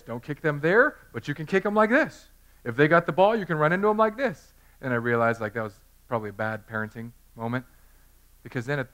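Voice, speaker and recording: A man's voice: mid-range voice, a bit bright. A man in his thirties preaching a sermon in a conversational, self-deprecating way, telling personal stories. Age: 30s. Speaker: pastor.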